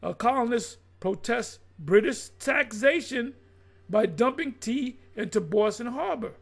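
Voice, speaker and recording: A man's voice: very high voice, animated, unhurried, gravelly, breathy edge. A middle-aged man preaching and riffing off what he reads aloud, blunt and profane, calling people out as he goes. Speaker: religious teacher.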